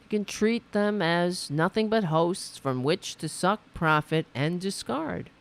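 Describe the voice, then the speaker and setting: A woman hosts a livestream, reacting to clips with indignant sarcasm and plenty of swearing. Her pitch swoops widely as she talks, and she speaks at an unhurried, deliberate pace. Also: expressive. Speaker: political commentary host.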